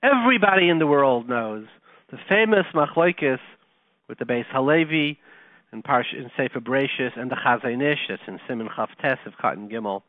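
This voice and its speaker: A man's voice: medium pitch, expressive, normal speed, no room sound. A man hosting a Torah talk show, telling a story in a folksy, conversational lecturing way with Hebrew and Yiddish terms. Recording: tinny phone line, dry.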